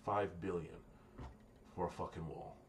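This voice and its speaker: A man's voice: sits low, steady tone, a little slow, slight background noise. An American man venting in a casual, profane political rant to camera, rambling and repeating himself. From United States. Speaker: vlogger.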